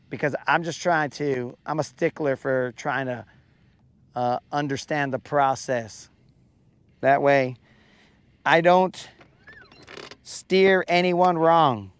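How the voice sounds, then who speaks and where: A man with a fairly high voice talks slowly and at length, hosting a live fishing stream out on a lake. He rambles through viewers' questions with jokey self-mockery. The sound is dry and close. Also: clean tone, no room sound. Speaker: fishing livestream host. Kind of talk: casual live-stream chat while fishing. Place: outdoors on a boat on a lake.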